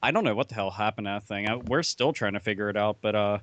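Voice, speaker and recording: A man's voice: lowish voice, fast talker, highs cut off, noisy background. A man chatting casually on a podcast, rambling and profane, with lots of fillers and restarts. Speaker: podcast panelist. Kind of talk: casual chat.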